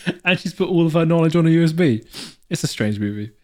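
A man's voice: a little high, expressive, fast talker, warm tone. A man co-hosting a podcast, rambling casually with frequent laughs and restarted words. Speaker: podcast co-host. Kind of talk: casual chat.

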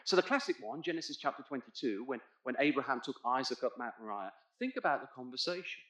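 A man's voice: medium pitch, lively intonation, fast. Emphatic male preacher in an echoey church. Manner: expository, asks congregation to look in their Bibles; emphatic, swells loud on key points. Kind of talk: sermon.

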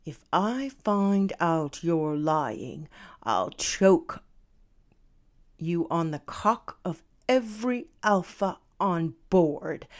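A domineering alpha pirate man speaks in a low, unhurried, threatening voice, sometimes dropping to a half whisper, as a woman narrator voices him. He sounds like a captor from a romance audiobook. The delivery is slow and deliberate.

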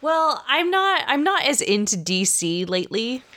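A woman co-hosting a casual chat, reacting bluntly and quickly. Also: sits high, very animated, pushed and bright.

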